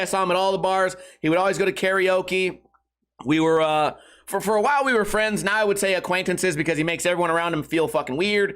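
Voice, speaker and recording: A man's voice: high-pitched, a bit bright. A man hosting a podcast, rambling through a crude comedic monologue and laughing at his own jokes. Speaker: podcast host.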